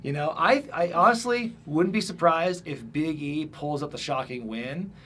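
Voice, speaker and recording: A man hosting a wrestling prediction show, chatty and enthusiastic, a little hoarse from losing his voice. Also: on the high side, moderate pace, fairly bright tone, slight background noise. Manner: enthusiastic, chatty, many restarts. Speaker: podcast host. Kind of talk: casual wrestling prediction chat.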